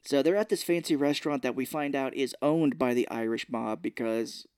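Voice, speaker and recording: A man co-hosting a podcast, retelling a film scene by scene in casual chat and slipping into quick voices for the characters. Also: mid-range voice, darkish tone, smooth, no echo, clean studio sound. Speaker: podcast co-host. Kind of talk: casual movie recap chat. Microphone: podcast microphone.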